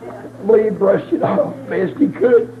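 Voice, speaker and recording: A man preaching a sermon as he tells a story, swinging between shouted, crying cries and low murmurs. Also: expressive, normal speed, vocal fry, crowd noise. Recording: tinny phone-line sound with faint hiss.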